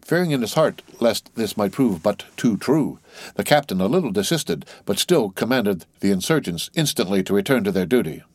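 A man giving steady, measured scripted narration of a classic novel as an audiobook reader. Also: on the low side, no room sound.

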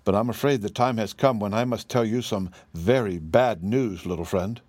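A man reading an audiobook, voicing a kindly tin man emperor in a gentle, grave, measured way. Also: lowish voice, dry recording, natural voice.

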